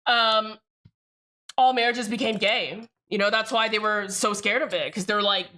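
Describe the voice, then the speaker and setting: Bright-voiced young woman chatting on stream. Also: mid-range voice, fairly even intonation, measured pace. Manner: rambling, self-interrupting, swears freely, reads and answers chat. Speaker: livestreamer. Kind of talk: casual livestream chat while building a keyboard.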